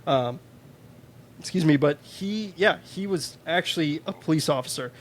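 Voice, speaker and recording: A man with a fairly high voice co-hosts a film podcast in a loose, casual way. He drops swear words easily, sprinkles in trivia, and grew up in Chicago. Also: normal speed, slight background noise. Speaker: podcast co-host. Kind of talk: casual film review chat.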